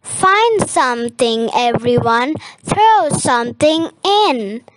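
A woman reading aloud and voicing a kind witch who cries out in high, excited bursts. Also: slow, no room sound, heavily acted. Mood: grateful. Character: shrill frightened kindly witch, female.

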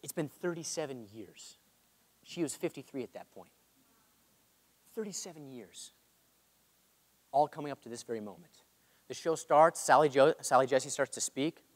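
A man's voice: medium pitch, moderate pace, long pauses. Man preaching in a reverberant hall. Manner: earnest, calls for amens from the crowd. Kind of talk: storytelling sermon. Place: church hall. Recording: long reverb of a large hall.

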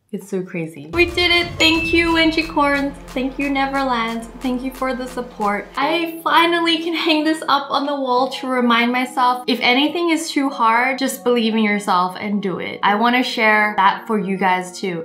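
A woman YouTuber talking casually to camera, excitable and gushing, squealing with surprise. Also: fairly high pitch. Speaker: YouTuber and singer. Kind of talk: casual vlog talk to camera. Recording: echoey room with background music.

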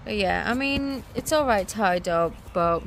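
A woman's voice: mid-range voice, animated, a little slow, vocal fry, noisy background. A woman vlogging in her garden, chatting casually and laughing often. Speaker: vlogger and mother. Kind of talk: casual chat to camera. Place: outdoors in a garden.

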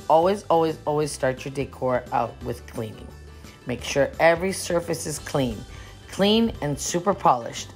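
A woman talking in a bubbly, gushing, rambling way, often repeating herself, as a home decor vlogger. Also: on the low side. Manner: rambling, talkative. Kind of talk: casual chatty vlog and voice-over. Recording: roomy echoey room, faint music.

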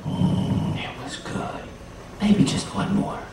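Male storyteller, animated, live for children, distant mic, roomy echo, noisy. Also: extremely slow. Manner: animated, asks the children questions, voices rise high in excitement. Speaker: storyteller and folk singer. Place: school room with a child audience. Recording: echoey room from far off, noisy.

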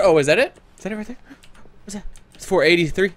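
A man giving excitable let's play commentary, whooping, joking and swearing as he plays. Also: high voice, fairly quick. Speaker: gamer.

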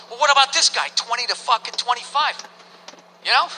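A man's voice: extremely high pitch, animated, quick pace, bright, forceful tone, in a large hall, a little hiss or hum, low-quality recording. A man performing a stand-up comedy set on stage before a live audience, ranting in profane disbelief and firing off rhetorical questions.

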